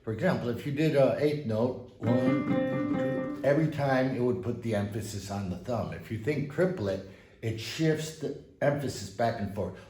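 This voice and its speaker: A man giving a casual piano lesson, relaxed and encouraging, with folksy asides as he plays. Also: medium pitch, moderate pace. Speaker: piano teacher. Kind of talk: casual instructional talk at the piano. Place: room with a piano. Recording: roomy sound with piano under the voice.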